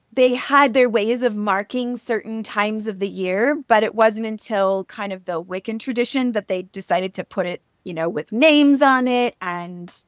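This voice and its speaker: A chatty woman co-host tells a myth in a loose, animated way, filling her speech with ums and likes. Her voice sits fairly high, and the sound is close and dry with no room. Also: dry recording. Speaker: podcast co-host. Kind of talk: casual storytelling chat.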